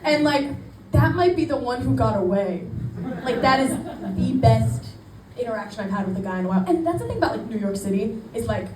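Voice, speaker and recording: Young female stand-up, animated storyteller, echoey noisy room, mic a bit far. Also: a little high, brisk. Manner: chatty, self-deprecating, animated quoting. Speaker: stand-up comedian. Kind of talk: stand-up set. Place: small club stage. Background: audience laughter.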